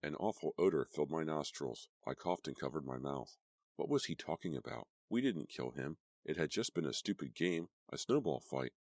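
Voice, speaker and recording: A man giving a dramatic, measured reading as narrator of a horror audiobook. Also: very deep voice, lively intonation, darkish tone, no room sound, studio quality.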